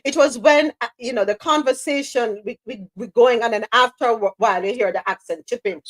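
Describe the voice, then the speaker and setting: A woman's voice: a little high, a little fast, dry recording. A woman hosting a live talk show, chatty and teasing, often laughing as she talks. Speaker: show host. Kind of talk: lively live-show banter.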